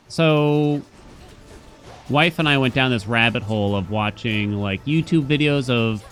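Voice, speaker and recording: Streamer, young adult male, mid-pitched, rambling play-by-play over faint game music. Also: fairly bright tone. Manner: chatty, thinks aloud while playing. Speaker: gaming streamer. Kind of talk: casual gameplay commentary.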